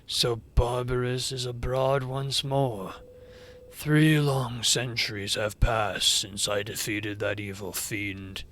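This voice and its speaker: A streamer voicing a proud, bitter ancient dragon in slow, grave, archaic speech. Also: mid-range voice, flat delivery, a bit bright, a little hiss or hum, voice pushed down. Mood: grave scorn.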